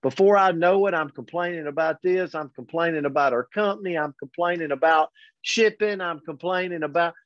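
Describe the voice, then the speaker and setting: Male motivational host, slightly high voice, earnest and upbeat, dull dry lo-fi recording. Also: a little fast, dry recording. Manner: energetic and earnest, often says "man". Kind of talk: daily motivational pep talk.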